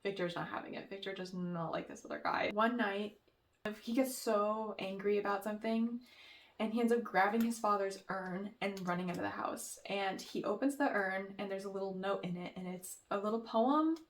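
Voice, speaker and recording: A woman's voice: medium pitch, moderate pace. Chatty young woman gushing about books. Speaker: book vlogger. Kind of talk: casual book review chat.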